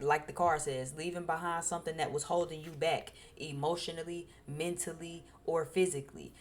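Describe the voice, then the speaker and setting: A woman giving a casual tarot reading, blunt and profane, who repeats phrases for emphasis. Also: sits low. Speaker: tarot reader.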